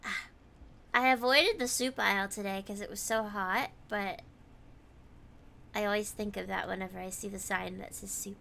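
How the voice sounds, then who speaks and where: A woman's voice: medium pitch, steady tone, moderate pace, gravelly, pauses often, pushed and bright, slight background noise. A woman streamer chatting casually while gaming, reading viewer comments aloud and answering them.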